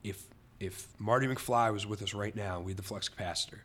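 A man hosting a podcast in casual chat, talking in animated, rambling, emphatic runs. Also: fairly low pitch, brisk. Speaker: podcast host.

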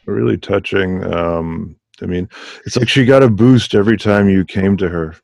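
A male interviewer who responds with short affirmations and gentle, sympathetic remarks. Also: low-pitched, normal speed, creaky, no room sound. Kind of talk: supportive interview listening.

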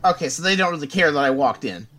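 A man playing a tabletop game, speaking politely in halting bits with many restarts. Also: on the high side, expressive, fairly bright tone, a little hiss or hum. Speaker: player.

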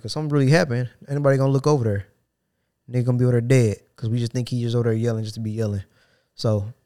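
Animated man telling a work story. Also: mid-range voice. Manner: animated storytelling with voiced quotes. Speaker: podcast co-host. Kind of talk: casual storytelling chat.

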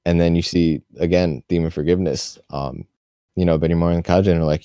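A man's voice: low-pitched, level tone, fast talker, warm tone, smooth, dry recording, clean studio sound. A young man co-hosting a casual podcast, talking through his thoughts in a rambling, slangy way. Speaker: podcast co-host. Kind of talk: casual chat about an anime.

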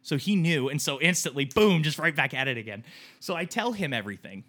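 Bright-voiced man telling a raw story. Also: fairly high pitch, animated, brisk. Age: 30s. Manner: rambling, emotional storytelling with restarts and swearing. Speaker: podcast co-host. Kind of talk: candid casual chat.

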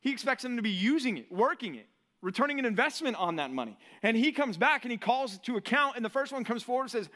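A male pastor giving a sermon in a lively, conversational way, often asking the congregation rhetorical questions. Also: extremely high pitch, fast.

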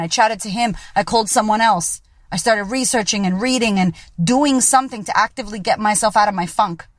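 A woman's voice: medium pitch, dry recording, studio quality. A woman podcast host and coach giving a blunt, profane motivational monologue. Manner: blunt and profane, keeps it real.

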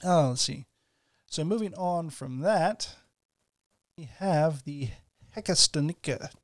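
A man's voice: on the high side, expressive, slow pace, dry recording, studio quality. A man co-hosting a casual podcast, reading game rules aloud with asides and laughing easily. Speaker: podcast co-host.

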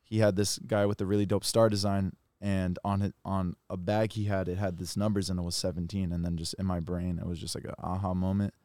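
A man's voice: sits low, little pitch movement, brisk, hardly any pauses, a little mellow, no room sound, clean studio sound. A young man, a rapper guest, chatting casually on a podcast and rambling about his name, often laughing.

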